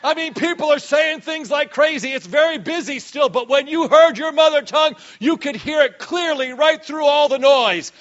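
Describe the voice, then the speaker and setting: A male pastor preaching a sermon with lots of energy, dropping low and quiet, then breaking into sudden shouts. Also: moderate pace, hardly any pauses, muffled recording.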